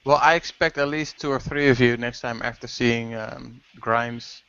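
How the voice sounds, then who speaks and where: A man's voice: mid-range voice, fairly even intonation, moderate pace, bright, forceful tone, clean tone. A man in casual group chat on a video call, talking in a rambling way and swearing. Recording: muffled lo-fi call audio.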